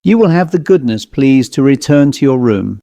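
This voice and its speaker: A man's voice: medium pitch, sing-song, moderate pace, creaky, warm tone, dry recording. A man voicing a grave, insistent head waiter with a French accent. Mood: stern.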